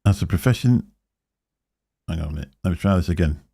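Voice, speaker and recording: A man's voice: low voice, lively intonation, quick pace, mellow, breathy edge, no room sound, clean studio sound. A middle-aged man co-hosting a casual livestream chat, rambling and correcting himself as he talks. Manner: rambling, self-correcting, chuckling. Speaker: co-host of a live vaping chat show.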